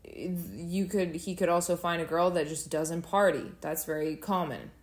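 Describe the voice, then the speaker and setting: A woman's voice: lowish voice, unhurried. A woman co-hosting a casual chat podcast, opinionated and arguing her point. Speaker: podcast co-host. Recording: roomy echo.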